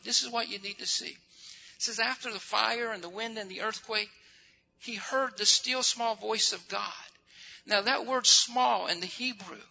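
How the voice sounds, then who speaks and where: A man delivers a fervent sermon in a strikingly high, gravelly voice with a piercingly bright edge. He slows down and repeats phrases to drive each point home. The recording sounds dull and lo-fi, with faint noise underneath. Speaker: preacher.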